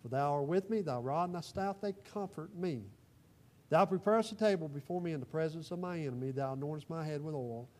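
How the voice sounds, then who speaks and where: A man preaching a sermon to his congregation, repeating phrases for emphasis and swinging between soft asides and loud declarations. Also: on the high side, fairly quick. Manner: folksy, repeats phrases for emphasis, rises and falls in volume. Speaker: pastor. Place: church.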